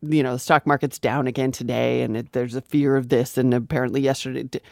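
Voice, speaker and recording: A woman's voice: very deep voice, steady tone, fast, gravelly, a little mellow, no echo, clean studio sound. A woman from the US West Coast co-hosting a podcast who talks in a chatty, enthusiastic, casual way. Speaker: podcast co-host. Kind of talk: casual chat.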